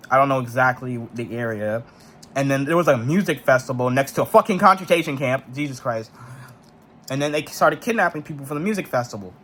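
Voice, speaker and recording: A man's voice: mid-range voice, fairly bright tone, slight background noise. A young man ranting in a frustrated, profane monologue full of slang and restarts. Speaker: vlogger.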